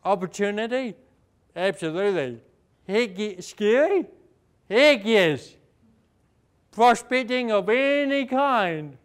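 Fast-talking New Zealand man, motivational speaker. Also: high-pitched, expressive, clean tone. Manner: fast-talking, rising and falling for emphasis, asks the audience questions. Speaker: inspirational speaker. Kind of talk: motivational speech.

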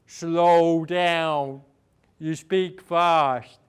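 A man's voice: on the high side, fairly even intonation, very slow, clean tone. A man putting on a blunt older woman agent. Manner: blunt, commanding. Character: brusque older American woman booking agent.

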